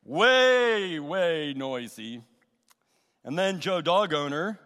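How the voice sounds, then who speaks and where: A man preaching a sermon as pastor, earnest and emphatic, with pauses and repeated phrases. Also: sits high, big pitch swings, bright, forceful tone, in a large hall. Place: church sanctuary.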